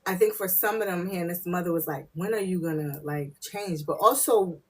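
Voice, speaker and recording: A woman's voice: moderate pace, husky. Chatty woman reading for a live audience. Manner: chatty, swears freely, laughs often, drops into low asides. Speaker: spiritual reader hosting a live stream. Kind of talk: casual live-stream reading.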